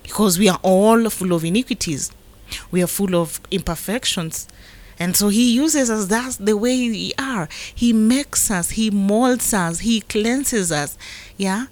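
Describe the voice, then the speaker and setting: A woman's voice: mid-range voice, a little slow, a little mellow. A woman hosting a radio devotion hour, reading scripture and preaching earnestly to listeners. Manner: earnest, preacherly, with rhetorical "yeah?" check-ins.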